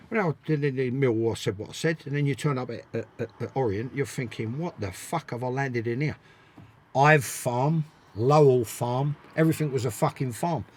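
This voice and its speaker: The voice is mid-range with a slightly dark tone, and there's faint background noise. It belongs to a blunt older man, a former footballer being interviewed, who tells stories casually, swears freely, and drives points home by repeating himself.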